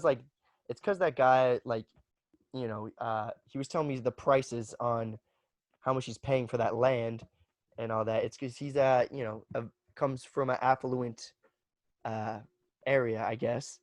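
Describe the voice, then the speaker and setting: A man's voice: medium pitch, steady tone, measured pace, dry recording. A young man in his twenties, a podcast guest telling stories in loose, profane casual chat full of "like" and "bro".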